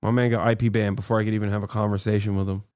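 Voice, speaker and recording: A man's voice: on the low side, flat delivery, very fast, darkish tone, clean tone, dry recording, studio quality. An American man live-streaming, reacting to posts and chat in a profane, combative, mocking rant. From United States.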